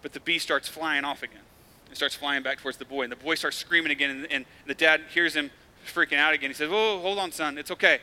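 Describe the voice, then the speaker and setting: Earnest bright-voiced male pastor preaching. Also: on the high side, little pitch movement, quick pace, few pauses. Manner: earnest, conversational preaching with rising emphasis. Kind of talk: sermon. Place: church.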